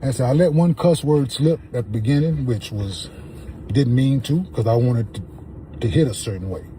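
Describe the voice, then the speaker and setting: A man with a very dark, mellow voice lays out his side calmly and deliberately, repeating himself to drive the point home. Faint background noise sits under his voice. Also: medium pitch. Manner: calm, deliberate, repeats phrases to make a point. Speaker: podcast co-host. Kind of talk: calm, measured on-camera statement.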